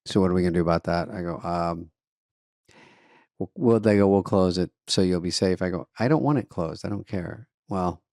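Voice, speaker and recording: A man's voice: low-pitched, normal speed, darkish tone, no echo. A man co-hosting a comedy podcast, chatting casually in a dry, wry way. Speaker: podcast co-host.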